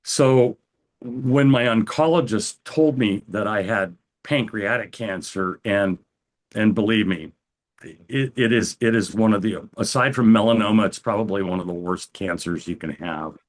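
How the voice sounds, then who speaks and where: An older American man, an interview guest, telling his personal story calmly, often stopping and restarting his sentences. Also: lowish voice. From United States. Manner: calm, halting, with frequent restarts.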